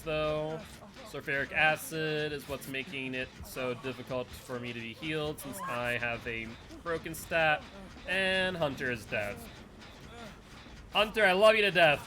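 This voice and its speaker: A streamer with a medium-pitched, pushed and bright voice gives casual running commentary while playing a game live, chatting with his viewers and teammates.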